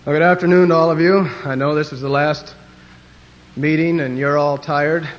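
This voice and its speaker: A man's voice: on the high side, fairly even intonation, moderate pace. A man from Wyoming, a pastor giving a humorous speech to a youth conference and telling jokes in funny voices. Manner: joking storyteller doing voices. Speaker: pastor and guest speaker. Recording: dull lo-fi old recording with faint hiss.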